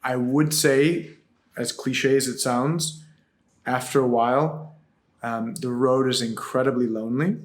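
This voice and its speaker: Middle-aged man, podcast guest; animated, playful storyteller, casual. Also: medium pitch, unhurried. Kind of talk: casual interview talk.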